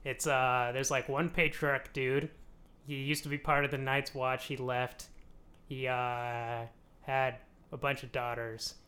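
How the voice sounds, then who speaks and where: A young man hosting a podcast, casually recapping a TV show, rambling and laughing often as he acts out characters in quick asides. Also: medium pitch, level tone, bright, forceful tone. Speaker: podcast host explaining a TV show.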